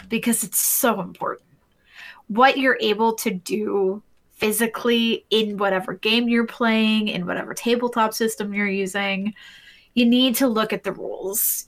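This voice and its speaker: A woman's voice: fairly high pitch, fairly bright tone. A woman co-hosting a podcast, chatting casually and explaining things step by step. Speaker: podcast co-host. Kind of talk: casual podcast chat about roleplay.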